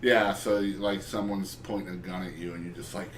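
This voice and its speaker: A man's voice: sits low, steady tone, moderate pace. A man hosting a casual interview, joking and bantering playfully with his guests. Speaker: podcast host. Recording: roomy, distant mic, faint noise.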